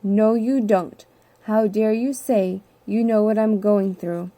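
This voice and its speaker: A woman reading aloud, voicing a hurt wife who snaps back angrily with sharp indignation. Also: mid-range voice, steady tone, takes it slowly, dry recording. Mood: indignant.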